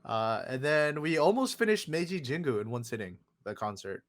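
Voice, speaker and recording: A man hosting a casual podcast, animated and joking, swearing often and calling people "dude". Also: on the high side, normal speed, no room sound. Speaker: podcast host.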